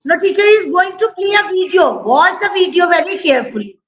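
A woman's voice: very high-pitched, expressive, fairly quick, echoey room, highs cut off. A woman teaching an online preschool class, singing and coaxing the children with repeated questions. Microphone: video call.

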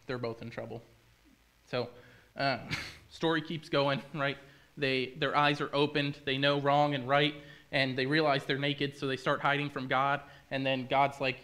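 A man giving a relaxed, humorous sermon. His voice is bright and forward, and he keeps turning to jokey asides. His pitch sits in an everyday middle range. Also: moderate pace. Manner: chatty, jokey storyteller with asides. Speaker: pastor. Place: church.

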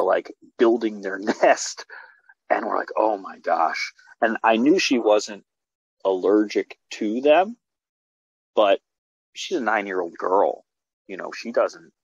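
A man, a filmmaker guest, telling stories in a casual video-call interview with animated restarts. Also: lowish voice, creaky, husky, no echo. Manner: animated storytelling with many restarts. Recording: dull lo-fi video call audio.

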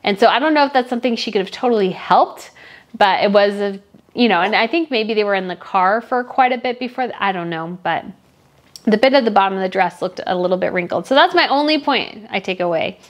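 A woman's voice: medium pitch, expressive, brisk. A woman talking casually as a royal fashion commentator, chatty and opinionated, gushing over some looks and blunt about others. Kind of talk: casual chat.

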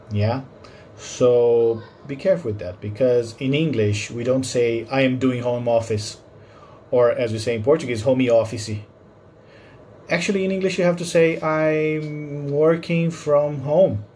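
A man's voice: mid-range voice, animated, moderate pace, warm tone, slight background noise. A man giving a short, friendly English lesson, explaining a phrase and asking the viewer questions. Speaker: English teacher.

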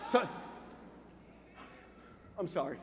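A male pastor preaching a sermon in an emphatic, informal style, calling the crowd "y'all" and rising to shouted peaks. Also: drawn-out words. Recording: reverberant hall, faint noise.

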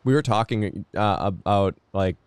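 A man's voice: on the low side, unhurried, clear, resonant tone, no echo. A man playing a game on stream, tired and chatting in a laid-back, rambling way. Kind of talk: casual chat.

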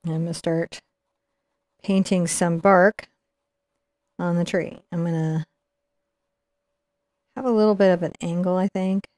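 A woman's voice: fairly low pitch, steady tone, measured pace, pauses often, darkish tone, dry recording. A middle-aged woman teaching acrylic painting live, chatting and explaining each brush move as she paints. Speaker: painting instructor.

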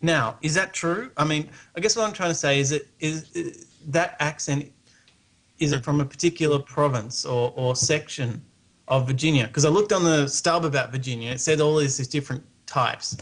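A man's voice: on the high side, normal speed. Curious Australian man calling in. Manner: rambling, hesitant, curious questions. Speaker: guest caller. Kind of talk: casual live-stream chat.

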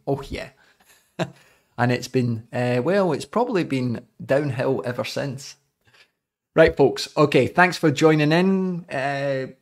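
A Scottish man in his forties, a cycling coach giving a jokey, chatty live podcast talk to his viewers. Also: mid-range voice.

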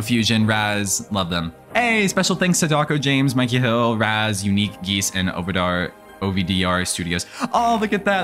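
A man's voice: mid-range voice, pushed and bright. A young man giving casual let's-play commentary on a horror game, nervous and jittery, talking to the monsters and his viewers. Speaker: gaming video creator.

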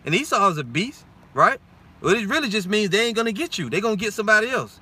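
Fired-up, bright-voiced preacher man. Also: high voice, lively intonation, fast. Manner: heated, blunt and profane, keeps adding "man". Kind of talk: informal sermon with scripture reading.

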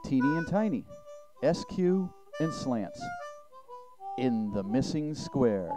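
A man narrating a children's story with a gentle storybook telling. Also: mid-range voice, sing-song, slow pace, poor audio. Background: music.

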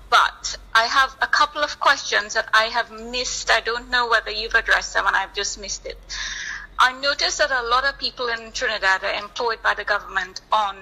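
Scottish woman, caller, very bright voice, slightly high, polite, hesitant. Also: poor audio. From Scotland.

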